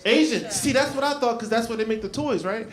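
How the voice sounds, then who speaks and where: A man doing a stand-up comedy set on a club stage, handheld mic, with shouted punchlines. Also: very high voice, brisk. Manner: animated, loud shouted punchlines and put-on voices for others.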